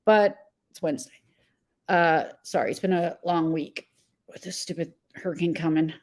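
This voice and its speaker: Speaking at normal speed in a fairly low voice with fairly even intonation, a woman hosts a casual live stream. She's agitated and blunt, reading chat and replying to viewers by name while rambling with fillers and self-corrections.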